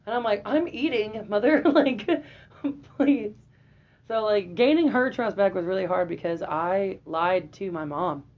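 Animated, swearing young woman telling a story. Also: medium pitch, a little slow. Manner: animated, profane, laughing. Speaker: guest. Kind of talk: casual storytelling. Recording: dull lo-fi audio.

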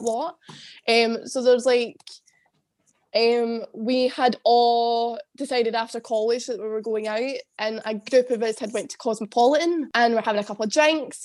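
A young Scottish woman, a former drama student, in a rambling casual chat, laughing often and swearing. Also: a little high. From Scotland. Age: young adult.

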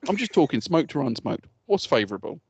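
A man's voice: medium pitch, very animated, fast, darkish tone, slightly rough, no room sound. A man co-hosting a podcast, ranting in mock anger and swearing constantly in casual banter. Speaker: podcast co-host.

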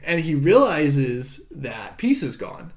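A man co-hosting a casual podcast, retelling a film's plot in an animated way and acting out the characters' lines. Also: a little high, slow pace. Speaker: podcast co-host recapping a film. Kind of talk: casual chat. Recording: echoey room.

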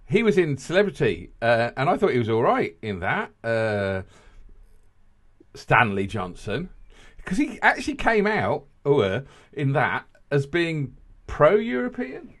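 A man's voice: medium pitch, a bit bright. A man hosting a podcast, rambling and jokey in casual banter, laughing often. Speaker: podcast host.

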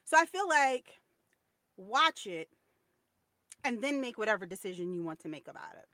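A woman's voice: medium pitch, sing-song, normal speed, sharp tone, no room sound. A woman co-hosting a podcast, chatting casually and sharing opinions in a storytelling way. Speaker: podcast co-host. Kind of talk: casual chat.

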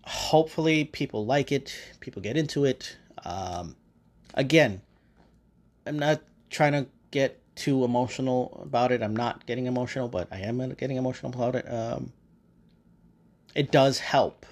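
A man hosts a podcast in a loose, rambling monologue. He swears freely and keeps circling back with fillers and restarts. His voice sits at an ordinary middle pitch for a man. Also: normal speed. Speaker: podcast host.

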